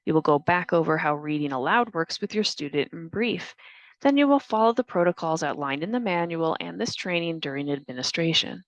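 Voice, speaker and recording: Clear, deliberate woman giving training. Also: lowish voice, no room sound. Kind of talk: scripted training narration.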